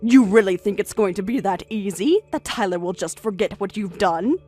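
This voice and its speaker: A woman voicing a calm, firm older grandmother in a narrated story, speaking in a measured, steady way over faint music. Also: mid-range voice, natural voice.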